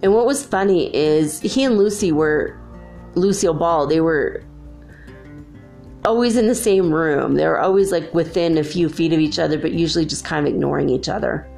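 A woman's voice: deep voice, moderate pace, vocal fry, a little mellow, soft background music. A middle-aged woman hosting a spiritual talk, telling a story in a rambling, chatty way with many fillers. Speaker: spiritual video host. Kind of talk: casual storytelling monologue.

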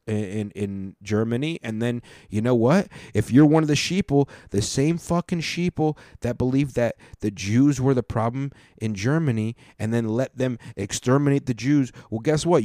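A man's voice: mid-range voice, warm tone, no room sound, clean studio sound. A man ranting on his vlog, swearing heavily and stumbling over his words as he reads messages aloud and argues with them. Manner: swears a lot, stumbles and restarts when worked up. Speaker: vlogger. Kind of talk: profane heated rant.

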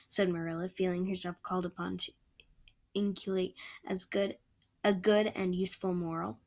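A woman narrating a storybook in a gentle, unhurried reading. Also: on the low side, level tone. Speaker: audiobook reader.

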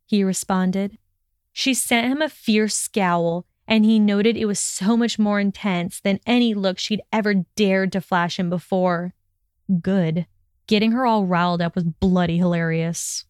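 Woman with a smooth, clear reading voice. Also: medium pitch, steady tone, unhurried, no room sound, studio quality. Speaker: narrator. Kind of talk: reading fan fiction aloud.

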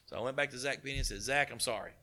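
Southern man with an East Tennessee accent, forceful bright tone, folksy anecdotes, mid-range pitch. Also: racing. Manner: folksy, animated retelling with quoted dialogue. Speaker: car dealership partner. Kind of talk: casual storytelling interview.

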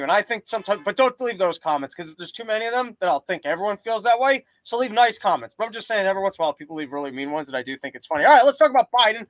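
A man's voice: sits high, lively intonation, rapid-fire, hardly any pauses, a bit bright, no echo, low-quality recording. A young man hosting a podcast, doing a rambling, sarcastic comedic monologue full of tangents. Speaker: podcast host.

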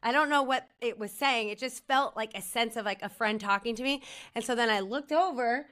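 A woman's voice: fairly high pitch, brisk, fairly bright tone. A woman co-hosting a podcast, telling a rambling story in casual chat, saying "like" often and laughing as she goes. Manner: rambling, heavy use of "like", laughs through her story. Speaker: podcast co-host.

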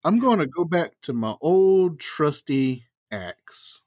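A relaxed man playing in a tabletop game, easygoing and joking as he describes his attacks. His voice sits mid-range, recorded dry and close. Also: on the high side, takes it slowly, no room sound. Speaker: player. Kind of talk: casual tabletop play.

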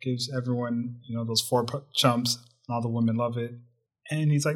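A man's voice: mid-range voice, steady tone, moderate pace. A man co-hosting a casual movie review chat, telling the plot in a joking, wry way. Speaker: podcast co-host.

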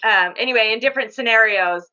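A woman's voice: a little high, quick pace, bright, forceful tone, lo-fi sound. A woman co-hosting a podcast in casual chat, rambling a little with fillers as she tells a story. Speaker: podcast co-host.

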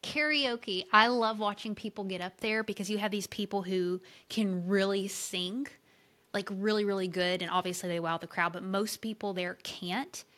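A woman with a Southern US accent co-hosting a casual podcast, lively and emphatic with playful exclamations. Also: medium pitch, moderate pace. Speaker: podcast co-host.

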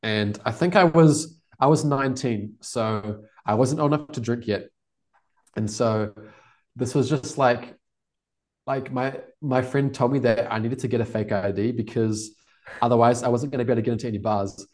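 Podcast guest: New Zealand man in his twenties, relaxed and rambling. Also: medium pitch, normal speed. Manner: relaxed, rambling, laughs often. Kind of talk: casual storytelling interview.

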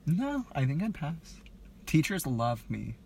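A man's voice: fairly high pitch, big pitch swings, creaky, darkish tone, slightly rough. A young man co-hosting a podcast in casual, playful chat. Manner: playful, quick to joke. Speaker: podcast co-host.

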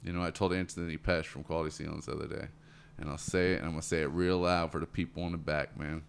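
A man's voice: little pitch movement, fast talker, gravelly, a little hiss or hum. A man talking casually as a guest, earnest and motivational, often repeating words and calling people "man". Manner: acts out quoted voices in a higher pitch. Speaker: podcast guest. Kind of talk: casual conversation.

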